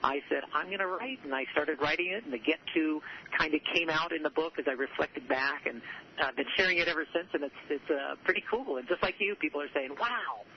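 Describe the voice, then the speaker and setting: This author, from southern California, recounts stories in a conversational interview about his book, upbeat and earnest, with lots of restarts and repetition. His voice is a little high and his pace quick, while the recording sounds muffled with a faint background hiss.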